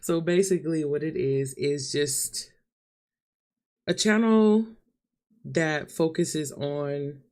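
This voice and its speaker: A woman's voice: low-pitched, slow pace, pauses often, a little mellow. A young woman talking to camera in a vlog, crying and nervous, laughing through her tears. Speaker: vlogger. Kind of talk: emotional vlog confession.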